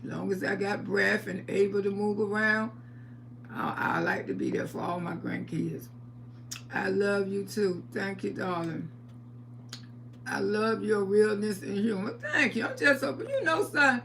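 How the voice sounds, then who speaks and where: Older woman as a live-stream host: bright, gravelly, unhurried, quick to laugh. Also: medium pitch, a little hiss or hum. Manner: chatty and playful, laughs often, calls viewers sugar and baby. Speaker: livestream host. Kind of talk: casual live-stream chat, greeting viewers.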